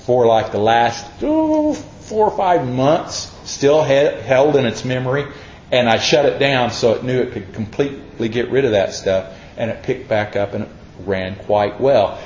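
A man's voice: medium pitch, slight background noise. Man, folksy sermon, homey storytelling, acts out quoted voices, echoey room, dull lo-fi sound. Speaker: preacher. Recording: roomy, dull lo-fi recording.

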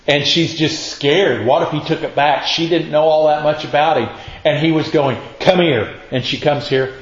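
A man's voice: a little high, normal speed. Man preaching in an echoey room. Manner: animated storytelling, acting out quoted lines. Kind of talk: sermon. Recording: echoey room, dull lo-fi sound.

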